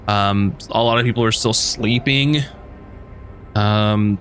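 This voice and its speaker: A man's voice: mid-range voice, bright, forceful tone, slight background noise. A man narrating a tabletop game as game master, rambling with lots of fillers.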